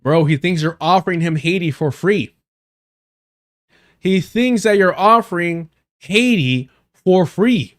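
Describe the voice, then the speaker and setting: A man's voice: fairly high pitch, expressive, a little slow. A man hosting a live stream, giving blunt, profane and emphatic casual commentary while reacting to clips.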